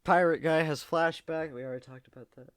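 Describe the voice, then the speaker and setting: A man's voice: a little high, steady tone, a bit bright, clear, resonant tone, no echo. Young man in casual, jokey show chat. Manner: rambling, jokey, acts out characters in quick put-on voices. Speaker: video host.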